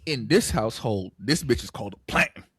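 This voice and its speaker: A man, co-hosting a podcast, telling a story with swearing and rising to yelling. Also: medium pitch, expressive, fairly quick, slightly rough, dry recording, studio quality. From New York area. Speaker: podcast co-host. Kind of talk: casual podcast chat.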